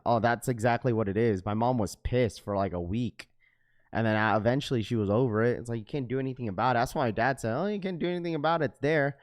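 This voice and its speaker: A man hosting a sneaker livestream, talking casually to chat in heavy slang. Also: lowish voice. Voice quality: slangy, says "bro" often.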